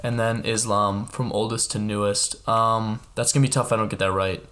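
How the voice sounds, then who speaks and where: A man's voice: steady tone, a little fast, fairly bright tone. Young guy doing trivia on a podcast, goofs around, kinda rambly. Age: young adult. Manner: joking, does mock sales pitches. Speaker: trivia contestant. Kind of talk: casual podcast banter.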